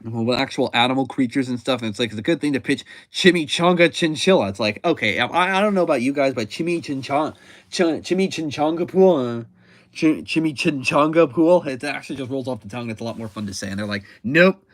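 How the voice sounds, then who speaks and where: A man's voice: mid-range voice, expressive, a little fast, no echo. Chatty, rambling man recapping comics. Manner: rambling, self-correcting, chatty. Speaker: comic book reviewer.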